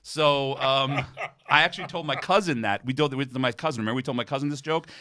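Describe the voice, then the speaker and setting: Bright-voiced man telling a story. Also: medium pitch, fast. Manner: animated anecdote teller, relaxed and joking. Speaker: podcast co-host, opera bass. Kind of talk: casual storytelling chat.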